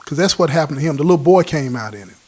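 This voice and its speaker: Man, higher voice, streetwise host telling a prison story in slang, animated, quotes people in character. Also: racing. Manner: animated, laughs at his own story. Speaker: host telling his own prison stories. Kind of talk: casual spoken storytelling.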